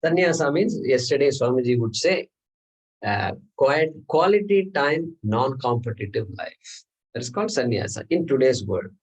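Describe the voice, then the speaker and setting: A man's voice: medium pitch, very animated, normal speed, slightly rough, low-quality recording. A man teaching a scripture class, explaining step by step, often checking in with "okay?" and asking the class rhetorical questions. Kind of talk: classroom lecture. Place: class room.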